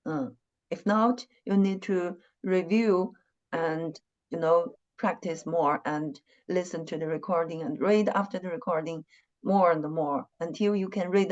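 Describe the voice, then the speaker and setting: A woman teaches a language lesson online at an unhurried, deliberate pace. She repeats each syllable and tone many times with patient care. The sound is slightly dull and muffled, like class audio over the internet. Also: lowish voice, a little mellow. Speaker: Chinese teacher.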